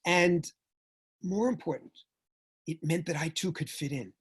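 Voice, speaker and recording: An older man from New York with a New York accent, giving a joking, animated talk with sudden jumps in loudness. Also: a little high, a little slow, husky. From United States. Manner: animated storyteller, jokey, swings between loud and soft. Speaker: speaker. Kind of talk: lecture talk.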